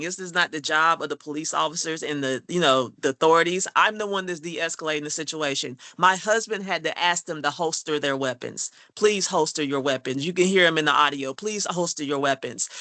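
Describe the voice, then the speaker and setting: A woman's voice: on the low side, sharp tone, no room sound. A woman from Georgia, earnestly recounting a personal ordeal in conversation and often checking in with the listener. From Georgia, USA. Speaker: guest telling her story.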